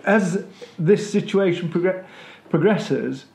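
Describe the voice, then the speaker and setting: A man's voice: high-pitched, takes it slowly, gravelly, darkish tone, echoey room. A man, making wry, critical remarks while chatting casually about a TV episode. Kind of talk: casual chat reviewing a TV episode.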